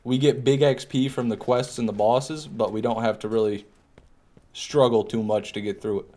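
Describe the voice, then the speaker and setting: A man's voice: medium pitch, fairly even intonation, normal speed, a little mellow. A man streaming a video game live, chatting casually, joking and answering his chat as he plays. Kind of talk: live gameplay commentary.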